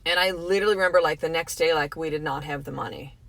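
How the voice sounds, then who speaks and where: A woman's voice: low-pitched, fast talker, vocal fry, a bit bright, no room sound. A middle-aged woman from Canada hosts a motivational podcast. She talks frankly and with emphasis, swears freely, and speaks straight to her listeners. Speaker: podcast host.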